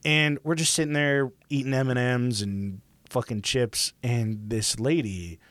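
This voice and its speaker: A young man rants his way through a story in loose, casual chat, swearing freely and stringing it together with fillers. His voice sits at a middling pitch, recorded close and dry with no room sound. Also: unhurried, dry recording. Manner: profane, animated ranting with many fillers.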